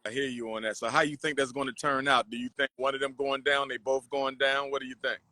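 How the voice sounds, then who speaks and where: A man hosting a casual street conversation outdoors, talking in an animated, preachy way. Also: mid-range voice, fast, a little hiss or hum. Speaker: host.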